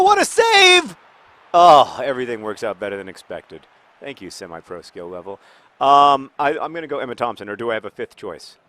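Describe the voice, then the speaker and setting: A man in his thirties hosting casual, rambling chat over live gameplay, with restarts and sudden excited outbursts at the game. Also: on the low side, no echo. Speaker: host.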